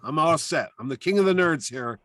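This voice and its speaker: A man telling anecdotes as a guest in a casual interview, talking through long stories with animated energy. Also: on the high side, a little fast. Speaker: comic convention organizer, podcast guest; weekly radio show host.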